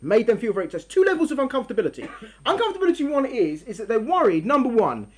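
A woman delivers a religious lecture to a live audience in a room, animatedly telling story analogies, acting out scenes, and often restarting her sentences. Her voice is a little high, and she talks fast with hardly any pauses.

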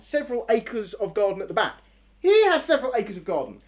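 At a moderate pace and in a slightly high voice, a woman lectures on religion to a live audience in a room. She brings her story analogies to life by acting out scenes, often restarting her sentences.

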